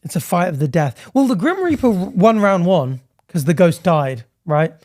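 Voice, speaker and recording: Male podcast co-host, high-pitched, playful and giggly, casual banter. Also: very animated, normal speed, a little mellow. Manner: playful, laughs often, acts out little voices. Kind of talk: casual comedic chat. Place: studio on a high floor.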